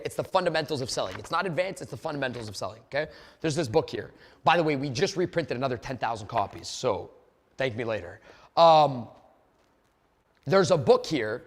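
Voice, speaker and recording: A man giving a motivational sales webinar as a trainer, energetic and profane, telling stories from his sales office. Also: medium pitch, long reverb tail.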